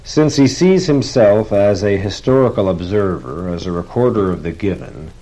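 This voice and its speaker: A man delivering a formal literary lecture in a measured, deliberate manner, reading quotations aloud. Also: lowish voice, lively intonation, mellow. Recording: dull lo-fi recording.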